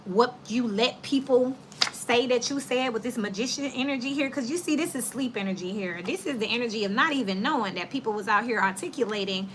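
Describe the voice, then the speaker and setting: A woman's voice: a little high, bright, forceful tone, slight background noise. A woman with children doing a casual tarot reading for her viewers, talking bluntly and animatedly in slang and laughing often. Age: adult with children. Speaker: tarot reader.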